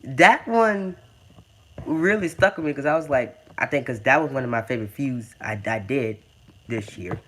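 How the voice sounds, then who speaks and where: A man's voice: mid-range voice, normal speed, fairly bright tone. A young man hosting a casual gaming video, stammering and repeating words, calling people dude and man. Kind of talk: casual game commentary.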